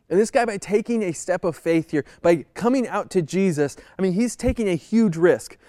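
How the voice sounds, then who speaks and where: A man with a somewhat high voice delivers a conversational sermon from the pulpit. He speaks earnestly, pressing his points with pleading emphasis. The recording is dry, with no room echo. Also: lively intonation, moderate pace, few pauses, warm tone. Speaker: pastor.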